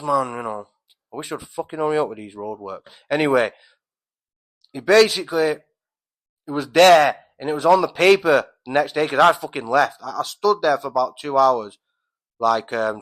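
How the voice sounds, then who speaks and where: A man's voice: mid-range voice, fairly bright tone, low-quality recording. A man telling a rambling, swear-filled story at home as a podcast host, full of restarts and fillers. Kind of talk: casual storytelling monologue. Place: at home, by a window on a street.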